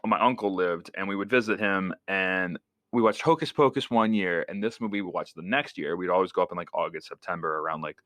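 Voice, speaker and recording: A man's voice: low-pitched, fairly quick, no room sound. A young man co-hosting a casual podcast, talking with enthusiasm and slipping into quoted voices. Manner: enthusiastic, animated quoting in put-on voices. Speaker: podcast co-host.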